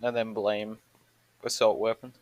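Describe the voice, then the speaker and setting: A man's voice: lowish voice, level tone, unhurried, a little mellow, no room sound. A young Australian man with an Australian accent, a podcast guest chatting casually, joking and laughing often at his own lines. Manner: laughs often, jokey and self-mocking.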